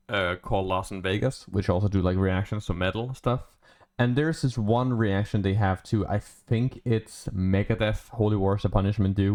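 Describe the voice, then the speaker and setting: Rambling man reacting to music. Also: lowish voice. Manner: rambling, full of "like" and restarts. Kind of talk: casual reaction commentary.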